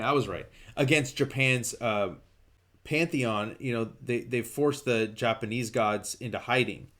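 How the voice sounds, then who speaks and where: A man hosting a comic book podcast, retelling a story in a loose, excited way, full of fillers and restarts. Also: medium pitch. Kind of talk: casual comic book recap.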